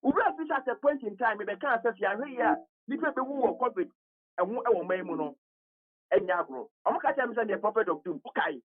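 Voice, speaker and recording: A Ghanaian commentator calling into a radio talk show, heated and full of rhetorical questions, often repeating words for emphasis. The pitch swings widely as the argument builds. It all comes through a thin, tinny phone line. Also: animated, quick pace.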